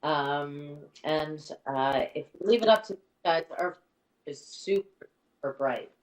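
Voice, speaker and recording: A woman's voice: deep voice, unhurried. A woman presenting theatre awards as the adjudicator, effusive and full of praise as she introduces each nominee. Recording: echoey room, far from the mic.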